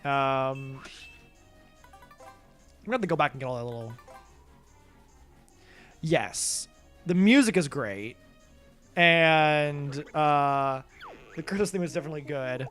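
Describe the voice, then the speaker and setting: A man's voice: a little high, expressive, slow, long pauses, fairly bright tone. A man streaming a video game live, chatting casually with viewers in a rambling, self-deprecating way and swearing now and then. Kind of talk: casual live gameplay commentary. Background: faint game music.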